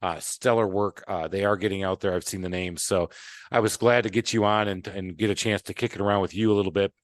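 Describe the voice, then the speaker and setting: A man's voice: deep voice, fairly even intonation, quick pace, no echo. A man hosting a podcast, chatting casually, joking around, swearing freely and hyping up his listeners. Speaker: podcast host. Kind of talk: casual chat.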